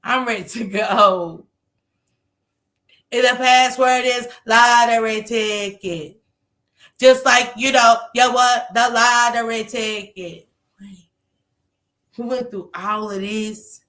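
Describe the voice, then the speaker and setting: A woman on a call, casually telling a story in animated fashion, laughing and swearing. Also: a little high, takes it slowly, long pauses.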